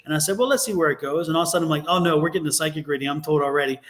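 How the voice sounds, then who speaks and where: A man's voice: a little high, rapid-fire, a bit bright. A man reading tarot and co-hosting a casual live chat, telling stories at length and repeating his agreements. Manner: chatty storyteller, repeats agreements. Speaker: tarot reader and co-host.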